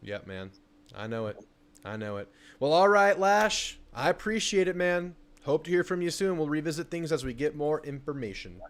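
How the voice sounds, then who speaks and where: A man's voice: on the high side, animated, normal speed. A man hosting a sports call-in show, talking casually with blunt, enthusiastic energy.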